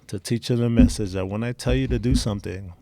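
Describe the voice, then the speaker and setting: A man's voice: lowish voice, fast, mellow, dry recording. A middle-aged man telling personal stories in a casual interview, candid and blunt. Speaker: interview guest.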